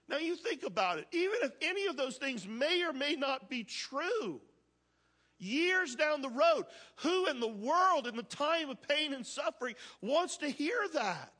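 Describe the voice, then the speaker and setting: A pastor preaching a conversational sermon, reading scripture aloud and asking the congregation questions. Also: male voice, very high-pitched, sing-song, slow, pushed and bright.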